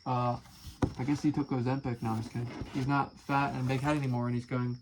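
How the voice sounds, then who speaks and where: A man's voice: mid-range voice, level tone, quick pace, noisy background. A man casually reading aloud and commenting, amused and chatty, swearing now and then. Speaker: musician and video creator.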